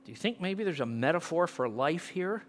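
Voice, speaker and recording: A middle-aged male pastor preaching an impassioned sermon, swinging from loud peaks to near-whispers. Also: a little high, very animated, moderate pace, a little hiss or hum.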